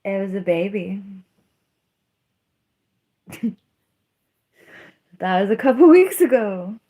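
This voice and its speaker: Unhurried, giggly woman chatting on a livestream. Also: mid-range voice, sing-song, mellow. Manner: rambling, laughing storyteller answering chat. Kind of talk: casual livestream chat.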